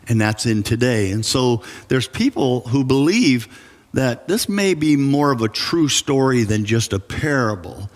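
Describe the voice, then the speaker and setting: Male pastor, mid pitch, earnest emphatic sermon delivery, long church reverb. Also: a bit bright. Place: church sanctuary.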